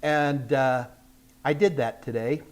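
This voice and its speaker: With a steady, mid-range voice taken slowly, an older American man hosts a live tech Q&A. The talk is a casual livestream chat full of chatty, self-deprecating rambling.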